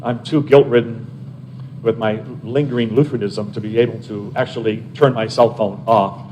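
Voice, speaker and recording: An older man, an abbot, telling lively personal anecdotes to a live audience and chatting with his listeners as he goes. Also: lowish voice, slight background noise, low-quality recording. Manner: animated anecdotal storyteller, chats with listeners.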